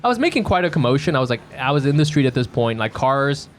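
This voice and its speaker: A man co-hosting a podcast from a home bedroom, chatting casually and telling a story with lively, acted-out bits. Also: medium pitch, fast talker, slight background noise. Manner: animated storyteller who acts out his own yelling. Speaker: podcast co-host. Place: home bedroom used as a quiet room.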